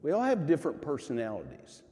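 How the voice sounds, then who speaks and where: A man preaching a sermon as pastor, earnest and emphatic, swinging from loud rises to quiet drops. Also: fairly high pitch, wildly swooping pitch, quick pace. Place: church sanctuary. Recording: church sanctuary with long reverb.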